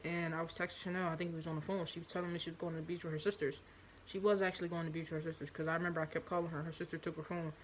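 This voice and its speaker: A woman's voice: fairly low pitch, slight background noise, poor audio. A young woman telling a candid confessional story in her vlog, rambling and blunt with many fillers. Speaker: vlogger.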